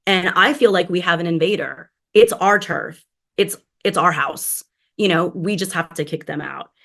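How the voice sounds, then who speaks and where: Woman telling her story with animated flair. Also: lowish voice, moderate pace, creaky. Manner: animated, acts out quoted voices. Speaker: guest. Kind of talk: candid personal storytelling.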